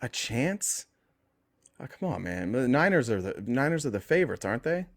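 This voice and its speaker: This podcast host takes calls on his talk show, his medium-pitched voice swinging widely in pitch at a moderate pace. The chat is casual, full of teasing and frequent laughter.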